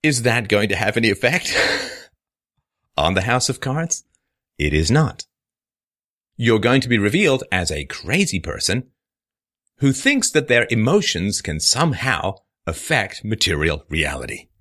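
A man hosts a solo commentary in a lively, forceful voice whose pitch swings widely. He mocks his critics with sarcasm and laughs through his own points. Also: measured pace, pauses often. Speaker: host. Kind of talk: monologue commentary responding to a viewer comment.

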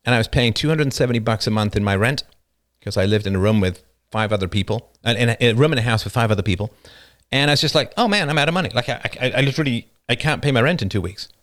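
A man with a quick pace and a slightly bright voice hosts a livestream, speaking unscripted. He tells personal stories in a passionate, rambling way, often laughing at them and raising his voice to act out the people he quotes.

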